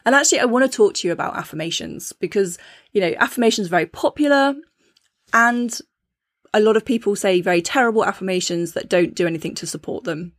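A woman's voice: mid-range voice, expressive, fast, dry recording, clean studio sound. A woman hosting a podcast, explaining her topic in a conversational teaching tone and often checking in with her listeners. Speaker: podcast host.

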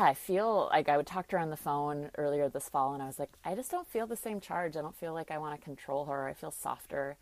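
A woman in her thirties with a low, deep voice opens up about her own life in a reflective, searching way. She rambles warmly with fillers and restarts, and the sound is dry and close, with no room around it. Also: dry recording. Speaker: personal storyteller. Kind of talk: candid personal story.

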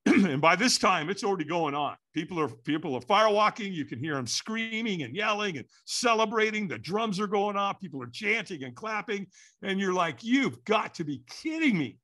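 Lively, bright-voiced man telling a story. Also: sits high. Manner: lively, acts out quotes and sounds. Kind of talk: animated storytelling.

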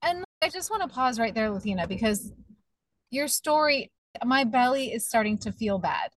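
A woman's voice: a little high, lively intonation, normal speed, dry recording. A woman hosting a podcast, talking emphatically and sympathetically, giving advice straight to listeners. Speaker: podcast host. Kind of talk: casual interview chat.

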